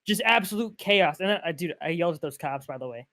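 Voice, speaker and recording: Young male co-host, excitable storyteller, casual and slangy. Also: a little high, quick pace. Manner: excitable storytelling, says "dude" and "bro" a lot. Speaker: podcast co-host. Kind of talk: casual chat.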